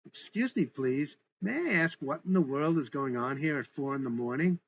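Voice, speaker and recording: A man's voice: on the high side, animated, moderate pace, vocal fry, fairly bright tone. An authoritative, indignant businesswoman, played by a man lifting his voice. She talks down to intruders in a clipped, commanding way. The recording is dull and lo-fi with a faint hiss. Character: poised woman landlord in a fake American business voice.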